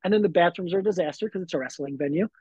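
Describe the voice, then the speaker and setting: A man's voice: high voice, rapid-fire, mellow, husky, no echo, muffled recording. A man, a wrestler guest on a podcast, telling stories in a laid-back way with lots of fillers. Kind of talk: casual podcast chat.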